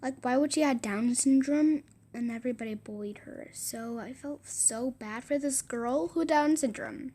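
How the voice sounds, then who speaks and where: A woman's voice: high voice, moderate pace, dark tone. A woman telling a casual storytime, rambling and repeating herself, restarting sentences and slipping into whispered asides.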